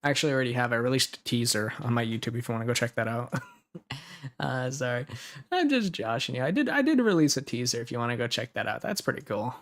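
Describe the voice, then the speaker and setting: A man's voice: mid-range voice, expressive, rapid-fire, hardly any pauses. A man who makes ASMR role-plays, chatting casually and jokingly with viewers on a live stream. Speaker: ASMR creator.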